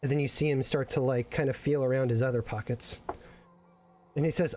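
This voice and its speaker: A man's voice: mid-range voice, fairly even intonation, brisk, darkish tone. A man narrating as game master, rambling with many fillers and restarts.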